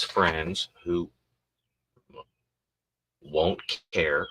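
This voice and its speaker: Crude jokes fill this casual rambling monologue from a male podcast host who keeps slipping into silly baby and parent voices. His voice is low, slow, and pushed and bright, with frequent pauses and a little hiss or hum in the background.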